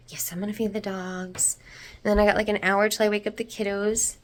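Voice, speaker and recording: A woman's voice: mid-range voice, flat delivery, brisk. A woman in her thirties rambling casually in a home vlog, filming herself on a phone around the house and garden. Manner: chatty, talks to pets and plants. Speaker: vlogger.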